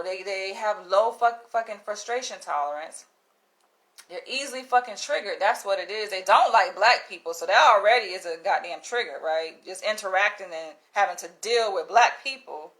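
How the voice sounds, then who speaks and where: Animated, profane woman telling a story. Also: mid-range voice. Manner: animated, profane, laughs often, acts out quotes. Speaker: vlogger. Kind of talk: casual storytelling to camera.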